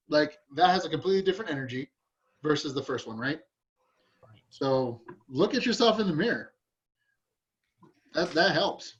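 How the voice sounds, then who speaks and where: Male agent, slightly high voice, muffled remote audio, chatty and upbeat. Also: animated, moderate pace, pauses often. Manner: upbeat, chatty, laughs easily. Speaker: real estate agent. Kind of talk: group training chat.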